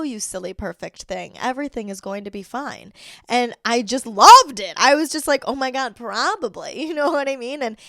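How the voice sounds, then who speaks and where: A woman's voice: on the high side, fairly bright tone, dry recording, studio quality. A young woman hosting her own podcast, talking casually in an earnest, reflective way and swearing now and then. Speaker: podcast host. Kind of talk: casual solo podcast talk.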